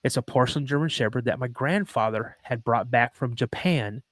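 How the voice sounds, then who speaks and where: A man's voice: mid-range voice, normal speed, a bit bright, dry recording. A man hosting a podcast, earnestly telling a personal story and acting out the dialogue, with frequent ums. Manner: earnest and emotional, reenacts dialogue, many ums. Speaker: podcast host.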